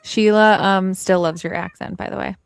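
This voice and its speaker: A chatty woman co-hosting a livestream, her voice gravelly with a touch of fry. She leans on fillers as she talks and reads out the chat. The sound is dry, with almost no room. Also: mid-range voice, steady tone, moderate pace, no room sound. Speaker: livestream co-host.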